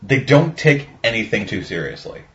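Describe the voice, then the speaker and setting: A man's voice: on the low side, sing-song, normal speed, fairly bright tone. Rambling, swearing man, lo-fi sound. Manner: rambling, swears a lot, acts out quotes. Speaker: podcast co-host. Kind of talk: casual movie review chat. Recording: dull lo-fi sound.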